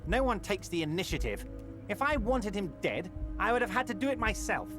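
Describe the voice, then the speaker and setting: A jovial, scheming union boss, booming and self-assured as he makes sweeping speeches. His voice is fairly high for a man and moves up and down a great deal. Game music runs clearly underneath. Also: sing-song, a little fast. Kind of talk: video game voice acting.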